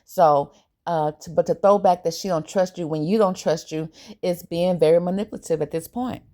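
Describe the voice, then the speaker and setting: A woman giving a casual, opinionated recap of a reality TV episode, animated and colloquial. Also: fairly low pitch, moderate pace. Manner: animated, opinionated, briefly acts out quoted lines; relaxed colloquial grammar.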